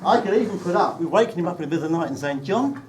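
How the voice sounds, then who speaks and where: Rapid-fire and lively in intonation, a man with a fairly high voice delivers a comic speech about the groom. It's an indoor wedding reception, and he teases with dry, well-timed anecdotes. A distant mic catches him over loud room noise.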